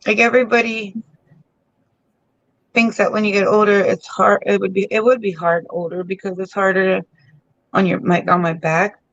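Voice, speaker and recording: A man's voice: high-pitched, little pitch movement, normal speed, vocal fry, pauses often, a bit bright, no echo. A man chatting casually and joking easily over a remote call. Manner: easygoing, joking. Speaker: co-host on a call. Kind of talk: casual chat. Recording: dull, dry call audio.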